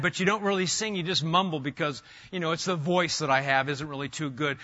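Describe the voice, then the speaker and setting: A middle-aged man preaching a sermon as pastor, animated, swinging between loud emphasis and soft asides. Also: on the high side, a little fast, few pauses, muffled recording.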